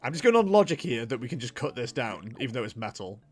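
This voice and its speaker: A man streaming a video game and commenting casually, animated and jokey, with muttered asides. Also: medium pitch, fast talker, soft background music. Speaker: gameplay streamer. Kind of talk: casual gameplay livestream commentary.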